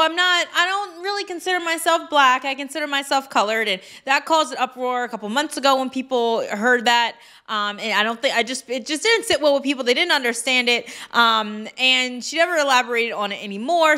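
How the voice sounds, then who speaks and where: A woman giving casual commentary on a vlog, chatty with quick asides and lots of fillers. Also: a little high, sharp tone. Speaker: commentary vlogger.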